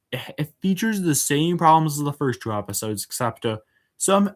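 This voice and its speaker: A man hosting a casual spoken review, hesitant, with many filler words and restarts, and frank and exasperated in tone. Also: medium pitch. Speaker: show reviewer.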